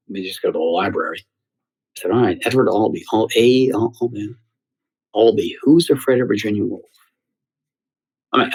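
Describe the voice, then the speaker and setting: Husky low-voiced middle-aged man telling stories. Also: rough recording. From United States. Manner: animated storyteller who acts out quoted voices. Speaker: guest, theater critic. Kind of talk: anecdotal interview storytelling.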